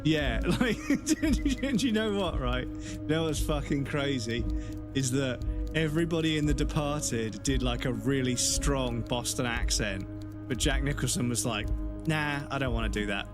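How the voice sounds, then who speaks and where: Casual: guy streaming, just rambling n swearing, normal pitch. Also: measured pace, music in the background. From England. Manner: rambling, swears a lot, chatty. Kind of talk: casual chat with viewers.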